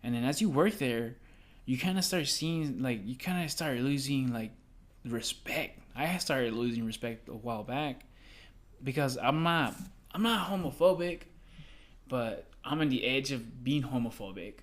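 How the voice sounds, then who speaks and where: A young man talks casually on a podcast, rambling and swearing freely. His pitch jumps up and down a lot as he gets worked up telling stories from his front-desk job. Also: unhurried. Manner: rambling, profane, animated storytelling. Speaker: podcast co-host.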